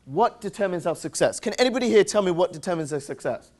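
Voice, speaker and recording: High-pitched, upbeat English man presenting. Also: animated, fast talker, darkish tone. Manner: upbeat, drills the crowd with call-and-response questions; playful, teasing jokes. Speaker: seminar presenter. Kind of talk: interactive motivational seminar talk.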